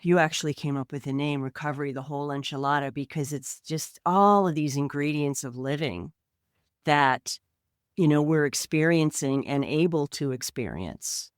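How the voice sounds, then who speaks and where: A woman's voice: sits low, moderate pace, clear, resonant tone, no echo, clean studio sound. A woman co-hosting a podcast, talking in an earnest, reflective way. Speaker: podcast co-host. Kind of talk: casual podcast chat.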